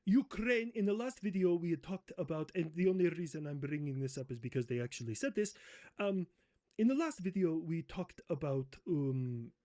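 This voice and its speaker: A man hosting a satirical comedy role-play, talking in a profane, mocking way with shouted outbursts. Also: on the high side, expressive, normal speed. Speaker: host.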